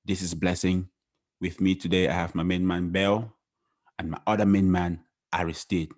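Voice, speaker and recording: A young man leads a casual podcast conversation. He sounds relaxed and often doubles up words mid-sentence. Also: deep voice, moderate pace. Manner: relaxed, repeats words as he speaks. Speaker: podcast host.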